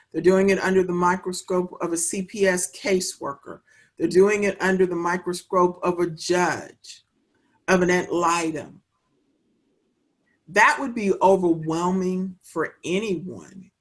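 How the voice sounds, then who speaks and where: A woman who manages child welfare work, guest in a conversational interview, speaking in a measured, earnest way and repeating phrases for emphasis. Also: on the low side.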